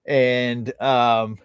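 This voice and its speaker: A man's voice: medium pitch, clean tone, dry recording. A man in his thirties hosting a podcast, telling loose stories full of swearing and fillers. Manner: loose storytelling, heavy swearing, frequent fillers. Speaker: podcast host. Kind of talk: casual chat.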